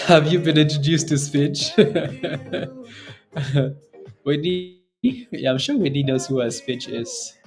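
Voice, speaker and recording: A man's voice: fairly high pitch, sing-song, takes it slowly, pauses often, music in the background. A man hosting a live day-trading stream, talking loosely and chatting with viewers, with lots of fillers and "right?" tags. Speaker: day-trading livestream host. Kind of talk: casual live commentary reading chat.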